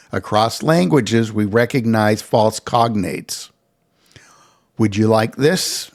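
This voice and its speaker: A man, an author, explaining his book in a scripted philosophical talk with dry, measured delivery and wry asides. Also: mid-range voice.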